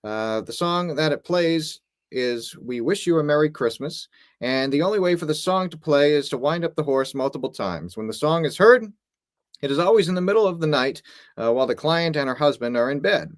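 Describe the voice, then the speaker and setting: A young man co-hosting a paranormal show, reading a case file in a steady, slightly announcer-like way. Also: fairly high pitch, fairly quick, dry recording, clean studio sound. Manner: steady read-aloud, with an occasional mock announcer tone. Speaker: co-host, paranormal investigator. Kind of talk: casual podcast chat, reading a case file aloud.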